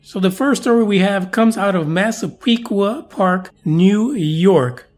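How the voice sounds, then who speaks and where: A man's voice: high voice, a little slow, a little mellow. A man hosting a podcast in a casual, jokey, chatty way with playful asides. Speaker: podcast host.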